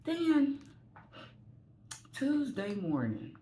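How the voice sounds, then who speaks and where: A woman's voice: sits high, huge pitch swings, drawn-out words, mellow, a little hiss or hum. A woman vlogger telling a candid, rambling story from home while getting ready. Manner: candid, rambling, self-deprecating.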